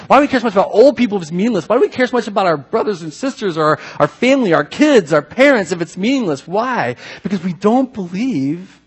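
A man preaching a conversational sermon as a pastor, swinging between emphatic loud bursts and quiet, drawn-out drops. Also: sits high, breathy edge.

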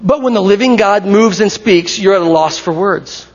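A man preaching a sermon in a lively, conversational way, to his congregation in a church. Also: sits high, moderate pace. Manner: animated, conversational, acts out crowd shouts. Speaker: pastor. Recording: dull recording with long hall reverb.

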